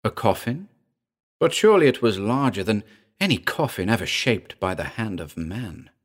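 A man narrating a horror story in a dramatic, expressive reading. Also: fairly low pitch, moderate pace. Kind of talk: scripted audiobook narration of a horror tale.

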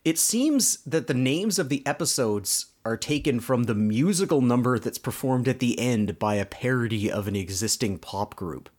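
A man in a casual podcast chat, recapping an old cartoon with dry, bemused asides. His pitch moves around a lot as he talks, though it sits at a middling level overall. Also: normal speed, hardly any pauses. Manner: bemused, sardonic, lively. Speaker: podcast co-host.

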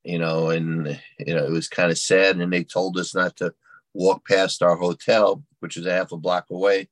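A plainspoken man talking as a guest, with a somewhat low voice. The recording is dry and close, with no room sound. He answers in a matter-of-fact way. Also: level tone, moderate pace, dry recording. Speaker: guest, card dealer. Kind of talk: casual interview chat.

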